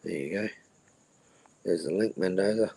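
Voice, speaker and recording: A man's voice: sits low, normal speed, gravelly, dark tone, slightly rough, rough recording. A middle-aged man hosting a casual livestream, rambling crudely and repeating his phrases. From Australia. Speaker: livestream host.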